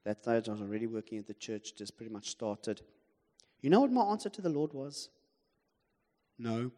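A man's voice: medium pitch, sing-song, fairly quick, mellow. A man with a South African accent preaching a sermon, telling a story with animation and humor and putting questions to the congregation. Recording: long hall reverb.

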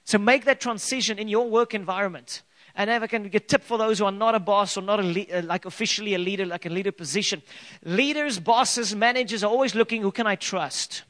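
A man preaching a sermon as pastor, earnest and emphatic, firing off rhetorical questions and slowing down to stress key phrases. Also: high voice, a bit bright.

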